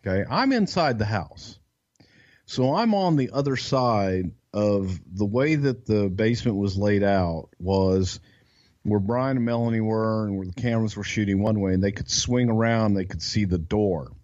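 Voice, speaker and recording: A man's voice: on the low side, animated, moderate pace, a little mellow, lo-fi sound. A man co-hosting a podcast, telling a backstage story in a rambling, profane way with lots of restarts. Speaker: podcast co-host. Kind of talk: casual storytelling chat.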